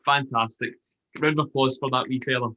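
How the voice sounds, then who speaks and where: A man hosting an interview in casual chat, enthusiastic and quick to affirm his guest. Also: medium pitch, fairly even intonation, pushed and bright, dull audio. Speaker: host.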